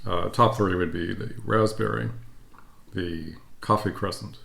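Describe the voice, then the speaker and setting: A man's voice: low voice, unhurried, vocal fry. A man from the United States co-hosting a food vlog, chatting in an easygoing way during a taste test. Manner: relaxed, easygoing, thanks viewers. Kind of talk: casual taste-test chat.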